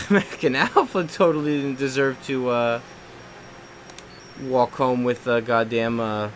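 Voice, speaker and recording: A man's voice: medium pitch, a little slow, slight background noise. A young man chatting casually while he live streams a game, rambling and swearing at the game now and then. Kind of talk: casual chat while gaming.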